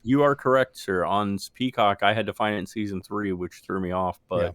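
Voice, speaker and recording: A man's voice: fairly low pitch, a little fast, a bit bright, clear, resonant tone, dry recording. A man co-hosting a podcast, rambling in casual chat, swearing freely and laughing often. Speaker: podcast co-host.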